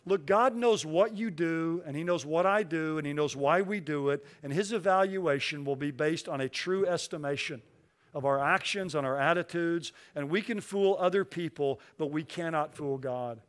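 Slow, emphatic preaching man. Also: a little high. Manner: slows down and stresses key phrases when reading scripture. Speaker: pastor. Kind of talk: sermon.

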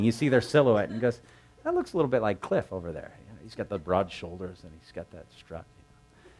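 A man preaching a sermon, retelling a scripture story conversationally and acting out the characters' lines with lively raised voices. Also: on the low side, fairly quick, slightly rough. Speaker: pastor.

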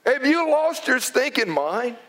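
Pastor, middle-aged man, a very high voice for a man, preaching with fervour and sudden emphatic bursts. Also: big pitch swings, measured pace, a bit bright. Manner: fervent, conversational preaching with emphatic outbursts. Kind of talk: sermon.

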